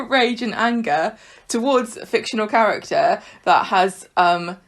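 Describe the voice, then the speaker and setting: A woman's voice: medium pitch, lively intonation, unhurried. A woman co-hosting a podcast in casual chat. She tells stories in a chatty way and laughs often. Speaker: podcast co-host.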